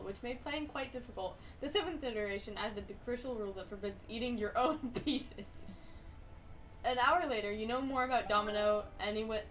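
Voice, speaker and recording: A woman's voice: a little high, a bit bright. A woman streamer reading a game aloud with playful, giggly narration.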